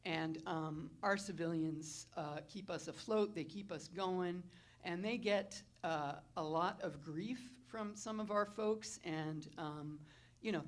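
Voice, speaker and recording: A woman in her fifties, a fire chief, giving an emotional, informal retirement speech at an indoor event, full of fillers and thanks to colleagues. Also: on the low side.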